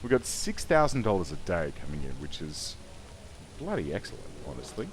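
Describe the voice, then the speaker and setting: Low-pitched, lively male let's player, wry and chatty, faint background noise. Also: fairly quick. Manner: wry, chatty, self-correcting. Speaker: gaming YouTuber. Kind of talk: let's play commentary.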